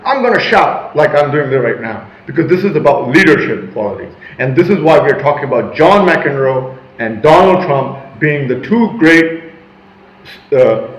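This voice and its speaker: A man vlogging a rambling motivational monologue, emphatic and with loud assertive bursts. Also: a little high, reverberant, low-quality recording.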